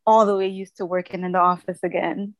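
A woman from Brooklyn, a podcast guest, blunt and quick to laugh in casual chat. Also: on the low side, little pitch movement, no room sound, muffled recording.

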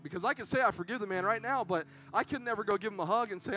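A man's voice: high-pitched, racing, hardly any pauses, pushed and bright, rough recording. A young man preaching a sermon in an earnest, emotional, conversational way, with frequent fillers. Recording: dry sound with faint guitar behind. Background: faint guitar music.

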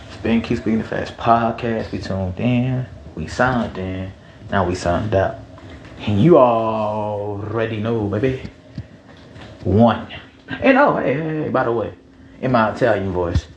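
A man's voice: lowish voice, measured pace, dull audio, a little hiss or hum. A man in his twenties hosting a podcast, rambling casually with slang and swearing, in an echoey room. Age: 20s. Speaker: podcast host. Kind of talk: casual chat.

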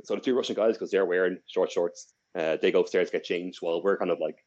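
On his podcast, a young man from Ireland tells a drawn-out story in a loose, rambling way, with many restarts and fillers. He has a low, slightly mellow voice and a quick pace, and the audio sounds dull.

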